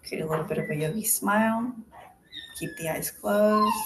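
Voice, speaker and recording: A woman leading a face yoga class over a video call, giving calm step-by-step cues and counting breaths. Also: mid-range voice, moderate pace. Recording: video call audio with faint background noise.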